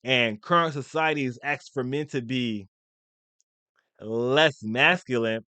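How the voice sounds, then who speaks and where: A man's voice: medium pitch, unhurried, sharp tone, dry recording. A man giving blunt, opinionated commentary in a casual, rambling way, with frequent restarts. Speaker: commentary video host.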